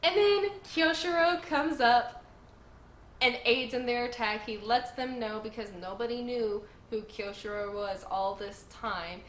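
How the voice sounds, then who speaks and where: Excitable woman recapping in an echoey room. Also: fairly high pitch, measured pace. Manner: gushing, animated, emphatic repetition. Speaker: host. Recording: echoey room with faint noise.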